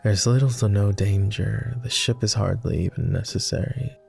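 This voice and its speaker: A man voicing a jaded, tender immortal vampire in a whispered role-play, with a posh British accent and a slow, gentle, teasing manner. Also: faint music behind. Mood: wistful. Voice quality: low, gravelly and soft.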